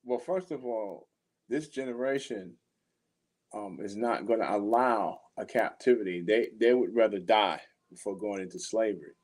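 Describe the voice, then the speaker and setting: Low-voiced man answering thoughtfully. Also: a little mellow. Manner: measured and thoughtful, with frequent ums. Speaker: podcast co-host in a scripture discussion. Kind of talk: casual scripture discussion.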